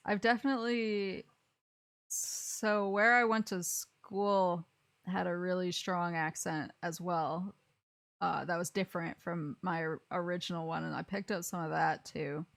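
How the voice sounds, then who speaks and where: A woman's voice: fairly low pitch, steady tone, slow, vocal fry, fairly bright tone, no echo, clean studio sound. A young woman from Alabama with a Southern accent, chatting casually on a game stream, rambling and laughing often. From Alabama, USA. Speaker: streamer host.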